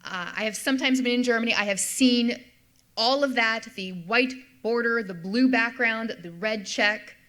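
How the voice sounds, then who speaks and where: A woman's voice: on the high side, normal speed, sharp tone. A middle-aged woman, a history professor, giving an explanatory lecture and repeating key points for emphasis. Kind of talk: lecture with slides.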